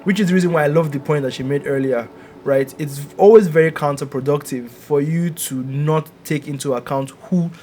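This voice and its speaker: A man, co-hosting a casual panel chat, talking in an animated way, often laughing and restarting his sentences. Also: fairly high pitch, fairly quick, slight background noise. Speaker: podcast co-host.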